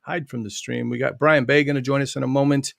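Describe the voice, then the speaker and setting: A man's voice: medium pitch, fairly even intonation, fast talker, gravelly, no room sound, clean studio sound. A man from the United States hosting an online book launch over a video call, talking loosely with many fillers and little laughs. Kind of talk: casual livestream chat.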